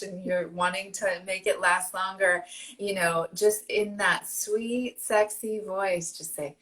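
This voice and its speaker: A woman guest coach speaking in a flowing, affirming way, sometimes dropping soft. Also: medium pitch, steady tone, unhurried, low-quality recording. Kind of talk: conversational interview.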